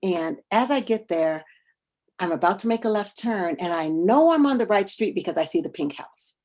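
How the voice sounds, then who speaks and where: Expressive woman telling a personal story. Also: mid-range voice, moderate pace. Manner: expressive, swings from hushed to animated. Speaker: workshop speaker on parenting and bias.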